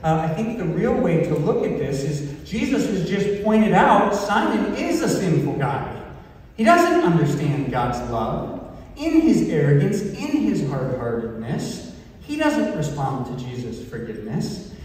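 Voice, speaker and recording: Guy pastor giving a sermon, kinda high voice, super roomy church echo. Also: sing-song, a little mellow. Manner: earnest, emphatic teaching with pauses. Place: church worship hall. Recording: echoey hall from far off.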